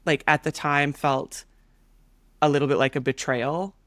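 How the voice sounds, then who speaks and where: A woman in her thirties, a podcast guest, telling a story in a casual, animated way with many fillers. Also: deep voice, a little slow, no room sound. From Canada.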